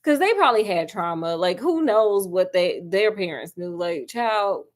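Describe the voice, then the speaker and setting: A woman giving a chatty, animated casual film review, talking straight to her viewers. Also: medium pitch, normal speed. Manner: animated, chatty, calls viewers girl and honey.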